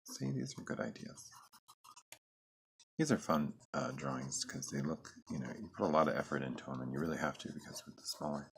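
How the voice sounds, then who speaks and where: Very deep gravelly man musing aloud. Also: lively intonation, brisk, a bit bright. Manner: rambling, musing to himself; joking, self-deprecating asides. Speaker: artist drawing on camera. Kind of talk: casual drawing commentary.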